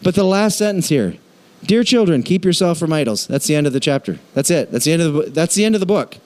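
A man preaching a casual, animated sermon in a church, acting out voices when he quotes. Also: a little high, fast. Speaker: pastor.

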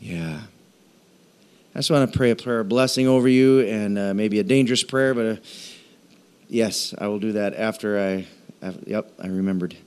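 A man preaching a sermon, telling stories and acting out quoted voices, with halting restarts between phrases. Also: lowish voice, clean tone. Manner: storytelling with animated quoted voices. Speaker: pastor.

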